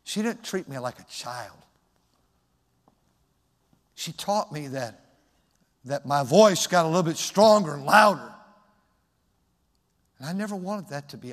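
A man's voice: a little high, animated. Man preaching in an echoing hall. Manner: personal, conversational preaching with pauses and restarts. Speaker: pastor. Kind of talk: sermon.

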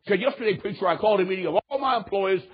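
Husky high-voiced preacher telling a story. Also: male voice, rapid-fire, lo-fi sound. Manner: dramatic, quotes others in changing voices. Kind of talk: sermon storytelling.

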